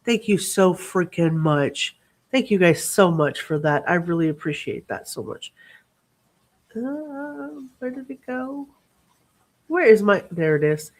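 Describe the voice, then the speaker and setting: A woman's voice: fairly low pitch, lively intonation, takes it slowly. A woman hosting a casual livestream, reading out viewer names and thanking them in a bubbly, chatty way with asides as she scrolls through comments. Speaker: livestream host.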